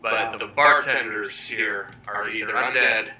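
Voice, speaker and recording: A man playing a tabletop game, describing his character's actions haltingly with many fillers. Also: lowish voice, steady tone, crowd noise, rough recording. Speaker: player. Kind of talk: casual tabletop role-play.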